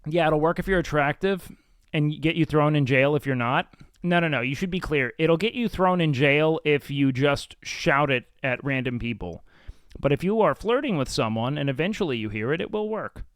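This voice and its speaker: Guy streamer swearing a lot and poking fun at himself, smooth resonant voice, bone dry, right on the mic. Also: fairly high pitch, moderate pace, dry recording. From Mexican and Salvadoran heritage. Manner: profane, blunt, self-mocking. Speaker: livestream host. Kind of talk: casual stream chat, reacting and reading chat.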